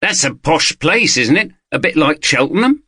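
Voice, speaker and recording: A man's voice: fairly high pitch, big pitch swings, normal speed, bright, forceful tone, breathy edge, no room sound, clean studio sound, voice pushed up, exaggerated voice. A man voicing a cheeky, inquisitive young London police constable. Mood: teasing. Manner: teasing, inquisitive.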